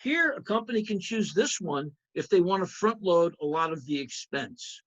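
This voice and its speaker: A man's voice: sits high, animated, moderate pace, a bit bright, dull audio. A man teaching an accounting review lecture, emphatic, repeating key points and checking in with students. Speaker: accounting instructor.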